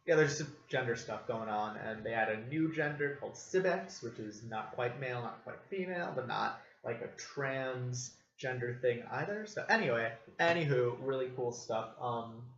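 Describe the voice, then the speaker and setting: A man's voice: medium pitch, moderate pace, hardly any pauses, a bit bright. Rambling man reviewing comics, roomy lo-fi sound. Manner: rambling, many fillers and self-corrections. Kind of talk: casual solo review talk. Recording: roomy, dull lo-fi recording with faint noise.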